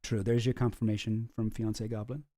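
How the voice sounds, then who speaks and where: A man's voice: on the low side, little pitch movement, a little fast, dark tone. A man giving casual, sarcastic commentary on photos, rambling and swearing freely. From Canada. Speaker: online commentator.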